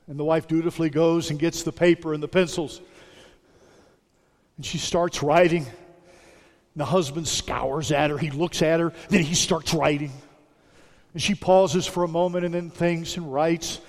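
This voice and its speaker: A man's voice: on the high side, fairly even intonation. Man preaching in a reverberant hall. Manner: dropping to a soft hush on repeated phrases; measured, emphatic preaching with deliberate repetition. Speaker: pastor. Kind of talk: sermon. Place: church sanctuary. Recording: sermon with long hall reverb.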